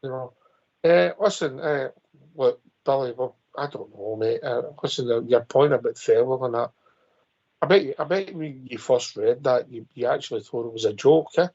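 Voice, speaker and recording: A man's voice: medium pitch, moderate pace, darkish tone. A man hosting a radio phone-in, chatty and jokey, calling everyone mate. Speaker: host. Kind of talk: casual phone-in chat. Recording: dull lo-fi radio sound.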